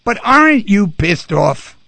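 A man's voice: sits high, big pitch swings, unhurried, creaky, bright, forceful tone. A man hosting a call-in radio show, coaching a caller in a pushy, coaxing way and repeating his commands. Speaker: radio host.

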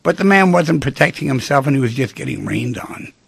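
A male radio host with a heavily gravelly, husky voice speaks from a dry studio mic. His pitch rises and falls in a lively, animated way as he tells stories and acts out the people in them. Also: brisk, no echo. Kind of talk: radio talk monologue.

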